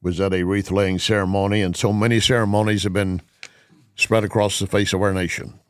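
A middle-aged man hosting a talk radio show, speaking in an earnest, emphatic, measured way. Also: deep voice, little pitch movement, no echo, studio quality.

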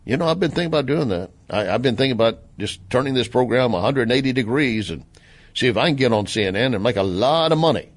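A man from the American South with a Southern accent, hosting a talk radio monologue, sarcastic and animated as he retells and mimics what others said. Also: medium pitch, fast. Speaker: radio commentary host.

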